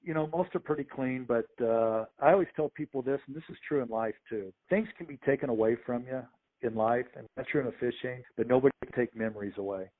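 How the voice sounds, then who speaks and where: A man, a sports official and podcast guest, telling lively anecdotes and acting out the people in them. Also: medium pitch, fairly quick. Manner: animated anecdotes with quoted voices. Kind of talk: storytelling interview. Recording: phone-like narrow audio.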